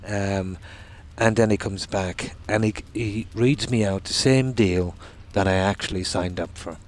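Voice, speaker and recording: Male streamer, deep voice, chatty rambling storyteller, faint ambience behind. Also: steady tone, a little slow, slight background noise. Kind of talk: casual chat while gaming.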